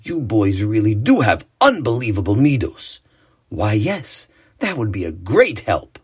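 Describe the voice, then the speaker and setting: A man voicing a cheerful older male war veteran, telling his stories in a warm, earnest way. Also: on the low side, wildly swooping pitch, a little slow, slightly rough, exaggerated voice.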